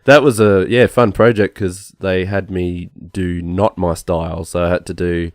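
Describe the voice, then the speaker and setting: A man with an Australian accent co-hosting a casual podcast chat, relaxed and laughing often. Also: deep voice, moderate pace, no echo, clean studio sound. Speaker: podcast co-host, artist.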